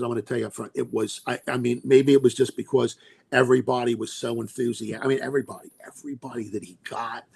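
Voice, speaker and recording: A man guest in an interview, an animated storyteller who acts out quotes and laughs often as he recalls directing films. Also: mid-range voice, gravelly, husky.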